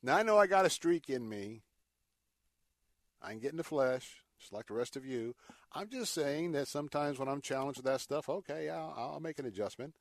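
A man's voice: mid-range voice, expressive, normal speed, no echo, studio quality. A man hosting a talk show, giving opinionated commentary in an indignant, emphatic way with sarcastic, folksy asides. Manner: indignant, emphatic, repeats words for effect. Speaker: radio talk show host.

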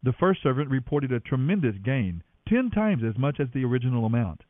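A man reading scripture aloud in an expressive, dramatic way, giving each speaker a voice. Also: mid-range voice, a little fast, no room sound. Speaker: Bible reader. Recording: dry, tinny phone-like sound.

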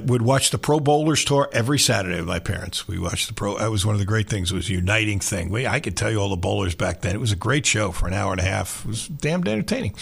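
Gravelly, animated middle-aged male host. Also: medium pitch. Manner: animated storyteller, self-deprecating. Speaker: sports radio host. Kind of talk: casual sports talk.

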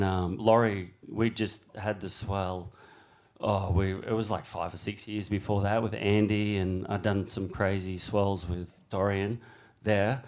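A middle-aged man, a guest surfer, tells a story in casual chat, swearing often and acting out what people said in a livelier voice. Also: fairly low pitch. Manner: swears constantly, acts out quotes with rising animated voice. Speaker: guest big-wave surfer.

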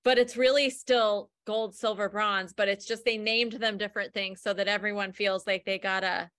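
A woman hosts a podcast, chatting casually and asking long, winding questions. Her voice is bright and forward. The recording is dry and close. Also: medium pitch, steady tone, moderate pace, no echo. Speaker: podcast host. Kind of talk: casual conversation.

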